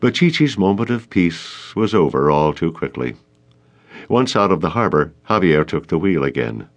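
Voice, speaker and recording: Lively low-voiced male narrator. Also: moderate pace. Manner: expressive, storytelling. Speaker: audiobook narrator. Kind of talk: scripted narration.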